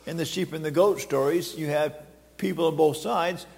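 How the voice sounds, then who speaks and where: Older male pastor, sermon, stumbling restarts, gravelly tone, reverberant sanctuary. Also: on the high side, a little mellow. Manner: halting, repeats words, quotes scripture dramatically. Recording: long reverb of a hall.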